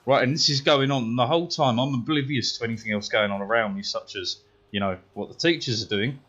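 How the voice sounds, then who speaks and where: British male streamer, casual and profane storyteller, animated, middling pitch, a bit muffled. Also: brisk. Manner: profane, swears constantly; animated, gets louder and higher when worked up. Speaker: gaming streamer.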